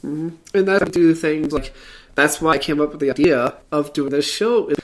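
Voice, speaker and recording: A woman's voice: low voice, normal speed, slight background noise. A woman hosting a casual talk show, speaking earnestly and hesitantly, with frequent fillers and restarts. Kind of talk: casual podcast chat.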